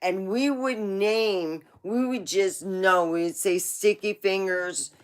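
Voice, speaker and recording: A woman hosting a livestream, telling rambling family stories in a casual way, laughing often and swearing now and then. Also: lowish voice. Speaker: livestream host. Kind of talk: casual storytelling.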